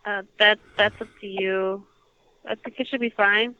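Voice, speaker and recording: A woman's voice: medium pitch, steady tone, a little slow, clear, resonant tone. Hesitant woman on a muffled phone line. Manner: hesitant, polite. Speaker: prank call target.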